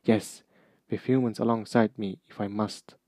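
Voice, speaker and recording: A man reading aloud, voicing a solemn young male centaur in a measured, quiet, formal way. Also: lowish voice, fairly even intonation, dry recording, natural voice. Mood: fierce. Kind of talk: audiobook character reading.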